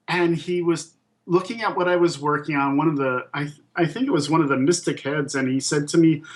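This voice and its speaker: A man's voice: fairly high pitch, poor audio. A man in his fifties, a puppet and toy designer, telling stories in a casual interview with many ums and restarts. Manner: thoughtful, with frequent ums and restarts.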